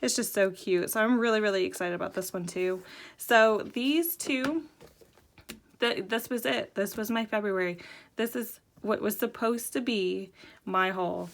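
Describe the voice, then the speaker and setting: A young adult woman hosts a casual show-and-tell video at a measured pace. She's excitable and giggly, and her voice leaps up high whenever she gets thrilled.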